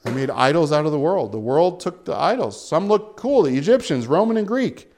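A man preaching a sermon, animated, with wide swings in pitch and volume and frequent chuckles. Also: a little fast, a little hiss or hum. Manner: chuckles often while preaching.

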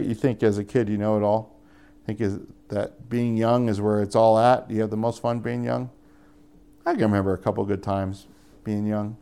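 A man's voice: lowish voice, warm tone, smooth. A young adult man preaching a conversational sermon as pastor, often rising into emphatic appeals.

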